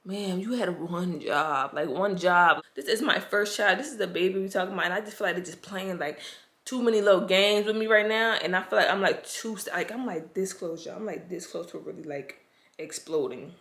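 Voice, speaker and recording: A woman's voice: mid-range voice, a little fast, a bit bright. Stressed woman venting to her viewers. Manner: talks straight to viewers, often says "y'all"; emotional, frustrated and anxious. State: stressed and overwhelmed. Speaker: pregnancy vlogger. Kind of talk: casual talk to camera.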